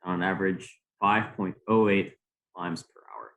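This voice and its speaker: Guy with kinda low voice chatting loose, lots of ums. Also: lively intonation, a little slow, vocal fry, a bit bright, muffled recording. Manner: rambling, many fillers. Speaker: guest climber. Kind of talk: casual podcast chat.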